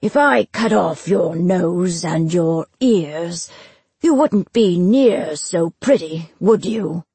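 Cruel general Karn, read by a husky woman. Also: fairly low pitch, animated, takes it slowly, dark tone, dry recording, heavily acted. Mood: menacing. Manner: menacing, taunting. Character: brutal middle-aged male general, cruel and mocking.

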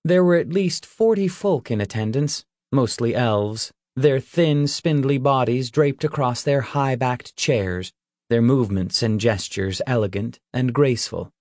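A male audiobook narrator tells a story in a slow, measured way, with a medium-pitched, slightly mellow voice. The scripted narration is recorded clean in a studio, with no room sound.

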